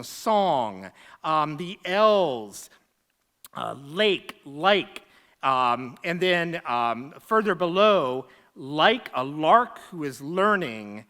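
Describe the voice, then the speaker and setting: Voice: medium pitch, sharp tone. A faculty member giving a TED-style lecture, explaining in close scholarly detail and tapping out rhythms aloud.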